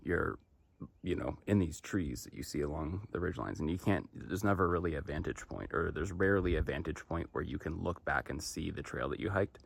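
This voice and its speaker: A man's voice: low voice, creaky, no echo. A man vlogging outdoors on a mountain trail, talking to a handheld camera in a chatty, self-deprecating way. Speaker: long-distance hiker filming his hike. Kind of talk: casual vlog narration to camera. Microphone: handheld camera or phone held while walking.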